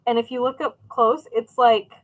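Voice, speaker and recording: Young woman rambling to her stream chat while she crafts, kinda high voice, lots of "like" and "um". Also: steady tone, moderate pace, rough recording. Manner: chatty, rambling, reads and answers chat. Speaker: crafting livestream host. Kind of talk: casual chat with live viewers.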